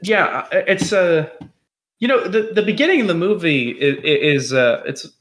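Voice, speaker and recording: A man's voice: high voice, expressive, moderate pace, a bit bright. A man co-hosting a podcast in casual chat, a little drunk, rambling and swearing with lots of restarts. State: tipsy. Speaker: podcast co-host.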